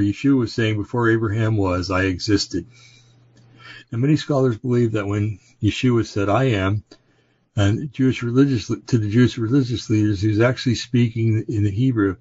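A man hosting a podcast, reading scripture aloud and commenting on it in a halting way, with fillers and self-corrections. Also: fairly low pitch, a little mellow, husky, no echo. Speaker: podcast host. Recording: dry, dull lo-fi recording.

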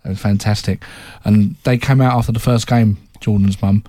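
Male sports journalist, anecdotal, slightly low voice, dry studio sound. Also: steady tone, normal speed, mellow, no echo. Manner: anecdotal storyteller, puts on a mimicking voice for quotes. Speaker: football journalist. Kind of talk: casual panel chat.

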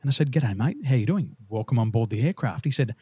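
An Australian man, a guest on an interview, telling lively stories and laughing through them. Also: mid-range voice, fast, breathy edge, no echo. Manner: animated, laughs through his own stories. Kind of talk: casual storytelling interview.

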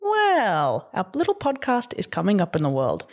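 A woman's voice: mid-range voice, wildly swooping pitch, normal speed. A young woman on a casual podcast, bubbly and self-deprecating. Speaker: podcast co-host.

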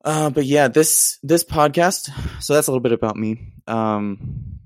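A man's voice: mid-range voice, measured pace, no room sound, clean studio sound. A young American man hosting a casual solo podcast, rambling in a self-deprecating way with lots of ums and restarts. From United States. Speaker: podcast host.

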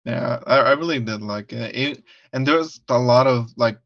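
A man's voice: medium pitch, moderate pace, no room sound. Hesitant american guy cohosting a movie podcast, muffled lo-fi mic, dry room. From United States. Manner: hesitant, laughs often. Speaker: podcast co-host. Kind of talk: casual movie review chat.

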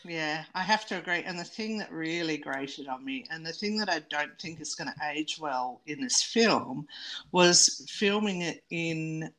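Low-voiced woman giving frank film opinions. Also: measured pace, a bit bright. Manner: opinionated, critical, laughs easily. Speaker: podcast co-host. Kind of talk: casual film review chat.

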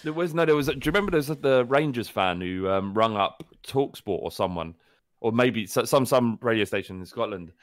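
An animated man swaps football stories on a podcast, his pitch jumping widely as he acts out other people's lines. He talks in a mid-range voice, recorded close and dry. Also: a little fast, no room sound. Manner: animated storyteller, acts out quotes in high voices. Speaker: podcast co-host. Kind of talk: casual football chat.

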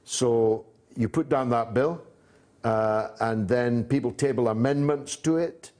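A man hosting a political interview, asking long, measured questions broken up by frequent "uh" pauses. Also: medium pitch, a little mellow. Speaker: host.

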